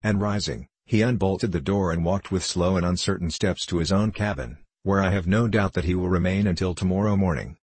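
Deep husky male storyteller. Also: fairly quick, few pauses, darkish tone, no echo. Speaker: audiobook narrator. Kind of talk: scripted narration.

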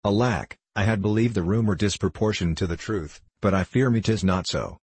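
A man's voice: lowish voice, husky, no room sound. A man voicing an aging, stern king who speaks tenderly in archaic courtly English. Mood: gentle, coaxing. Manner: archaic courtly speech, gentle and slow. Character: dread old king, stern yet tender.

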